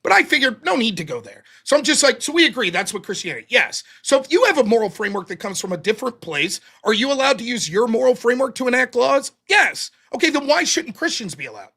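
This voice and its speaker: A man hosts a debate show and recaps the debate with heat and plenty of swearing. His pitch leaps all over as he talks. His tone is bright and forceful. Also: fast talker, gravelly, few pauses. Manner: animated, profane, quotes opponents in mocking voices. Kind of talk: heated post-debate recap.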